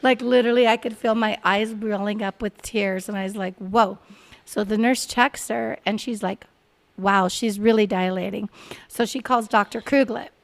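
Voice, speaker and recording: A woman in her forties telling a story on a podcast in a casual, animated way, laughing often and acting out the voices of the people she quotes. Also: mid-range voice, vocal fry. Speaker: podcast guest.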